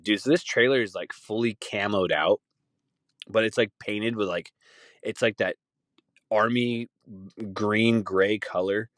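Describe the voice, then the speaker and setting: A man's voice: on the low side, unhurried, pauses often, fairly bright tone, dry recording, studio quality. A man hosting a podcast, rambling in a casual solo rant full of swearing and laughter. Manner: rambling, profane, laughing often. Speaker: podcast host.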